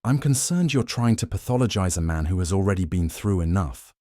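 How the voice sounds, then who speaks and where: A man's voice: sits low, animated, a little fast, dark tone, dry recording, clean studio sound. A man voicing a guarded doctor who answers in a clipped, defensive way.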